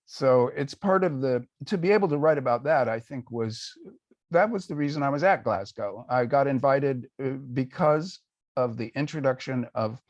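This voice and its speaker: An older man, a guest author, answering questions in a conversational panel talk, measured and thoughtful with pauses and fillers. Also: mid-range voice, expressive, dry recording, lo-fi sound.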